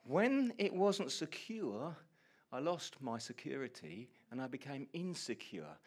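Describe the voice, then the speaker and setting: A man telling a funny personal story in a sermon to a congregation, acting out his own lines loudly. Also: medium pitch, measured pace. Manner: animated storyteller, shouts quoted lines. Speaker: pastor. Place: church hall before a congregation.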